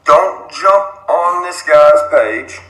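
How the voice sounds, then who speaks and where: Southern guy, polite and earnest, highish voice, echoey room clip. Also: animated, extremely slow, sharp tone, a little hiss or hum. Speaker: YouTuber in a played clip. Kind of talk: casual vlog address to fans.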